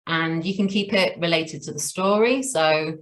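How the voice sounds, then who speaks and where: A woman's voice: sits low, moderate pace, slight background noise. A woman co-hosting a teacher training webinar, chatty and enthusiastic, laughing often. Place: online webinar.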